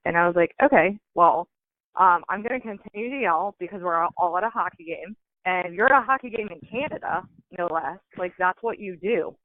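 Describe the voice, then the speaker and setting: Over a tinny phone line, a woman call-in guest with a fairly low voice tells a story at a fairly quick clip. She's casual and animated, using plenty of fillers, and the recording is dry.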